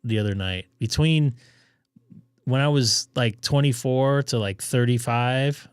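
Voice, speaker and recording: A man's voice: mid-range voice, dry recording, studio quality. A man losing his voice, chatting casually as he hosts a ham radio live stream and thinks aloud. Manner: rambling, thinking aloud with fillers.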